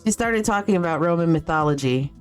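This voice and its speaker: This is a woman streaming from home, chatting loosely with her viewers through a desk mic. Her voice sits on the lower side, and she wanders from story to story with plenty of swearing. Faint music runs in the background. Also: lively intonation, fairly quick. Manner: rambling, swears freely, chats with viewers. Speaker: game streamer. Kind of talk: casual chat while streaming.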